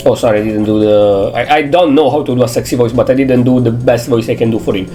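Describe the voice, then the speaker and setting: A man's voice: medium pitch, steady tone, fast talker, few pauses, warm tone, soft background music. A young man streaming a video game, chatting casually, playful and blunt, swearing freely. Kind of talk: casual game let's-play commentary.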